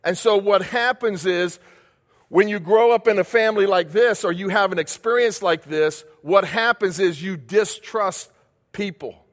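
A man with a high voice preaches a sermon, leaning on repetition and rhetorical questions. His voice carries a long reverb, as if in a large hall. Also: unhurried, fairly bright tone. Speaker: pastor.

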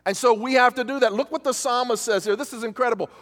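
A man's voice: very high-pitched, quick pace, a bit bright. A man preaching a sermon as pastor, emphatic, with rhetorical questions and repetition, to a congregation in a church. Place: church hall. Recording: reverberant church hall.

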